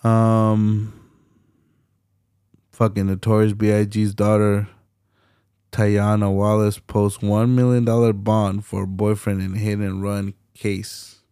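A man's voice: fairly low pitch, flat delivery, takes it slowly, dark tone, smooth, no room sound, clean studio sound. A young man hosting a solo podcast late at night, ranting bluntly with heavy profanity and slang. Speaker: podcast host.

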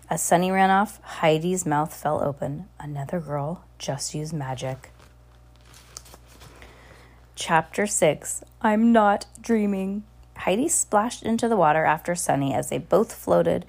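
A woman reading a children's chapter book aloud with expressive, animated storytelling. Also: fairly low pitch, a little slow, vocal fry. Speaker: storybook reader.

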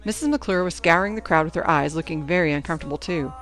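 A woman reading a first-person teen novel aloud in a lively storytelling manner. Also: on the low side, quick pace, faint music behind. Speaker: audiobook narrator.

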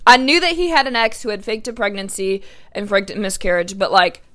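A woman's voice: medium pitch, brisk, fairly bright tone. A young adult woman hosting a podcast, telling a story casually and emphatically, swearing often and saying "like" a lot. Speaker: podcast host.

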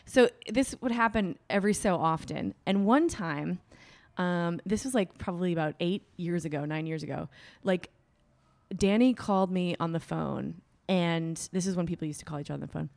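A woman's voice: fairly low pitch, normal speed, creaky, no room sound. A woman comedian in her thirties chats on a podcast, telling a long story with laughter and the odd curse. Her voice is close and dry, with no room sound. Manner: animated storyteller, swearing, laughing often. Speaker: comedian guest. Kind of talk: casual podcast chat.

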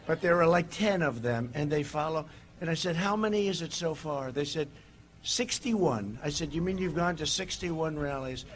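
A man giving a campaign rally speech outdoors, rambling and digressive, swinging between shouted lines and low asides. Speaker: political candidate at a rally.

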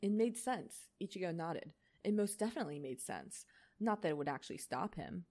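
A young woman reads a fanfic aloud in a lowish voice, sounding tired. She drifts into chatty asides full of fillers and little laughs. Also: lively intonation, brisk, warm tone. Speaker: reader. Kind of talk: reading a fanfic aloud with casual chat.

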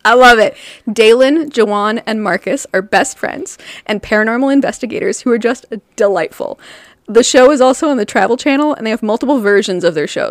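A woman's voice: a little high, no room sound, clean studio sound. A woman co-hosting a podcast, casually retelling a story and laughing often as she goes. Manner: laughs often while recounting. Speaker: podcast co-host.

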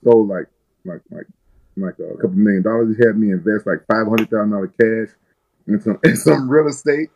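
A man from the United States speaks in a fairly low register, laid-back and loose as a talk-show guest. He rambles with frequent restarts and drops swear words freely. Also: fairly quick, a little mellow, lo-fi sound, slight background noise. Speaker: guest fighter. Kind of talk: casual interview storytelling.

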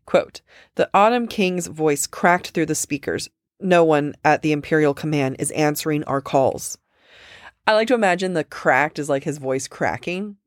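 A woman co-hosting a casual book-discussion podcast, chatty with lots of fillers, reading quotes aloud slowly. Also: sits low, no echo, clean studio sound. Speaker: podcast co-host.

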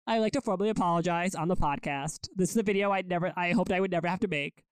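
A man's voice: high voice, racing, smooth, no room sound. A young man co-hosting a podcast in casual chat, joking and making mock-formal apologies. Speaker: podcast co-host.

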